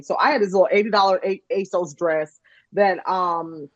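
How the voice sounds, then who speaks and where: A woman guest on a podcast, telling an animated story with lots of laughter and voices for the people she quotes. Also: medium pitch, fairly quick, dry recording, lo-fi sound. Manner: lively, laughing, acts out quotes in shifting voices.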